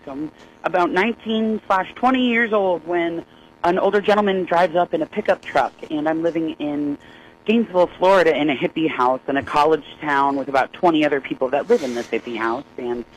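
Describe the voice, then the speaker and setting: A woman in her sixties, a singer-songwriter guest, telling a story in a folksy, lively way and laughing often. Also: on the low side, a little fast, slight background noise, rough recording. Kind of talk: animated storytelling.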